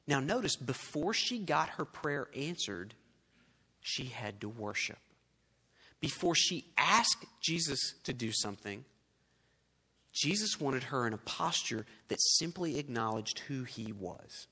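Man, pastor, sermon, high lively voice, loud peaks and hushed drops, long hall reverb. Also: a little slow, breathy edge. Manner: animated preaching, swinging from loud to hushed.

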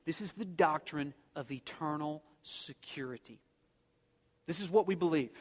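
A man preaching a sermon to a congregation, emphatic and full of rhetorical questions. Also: sits high. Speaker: pastor. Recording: long hall reverb.

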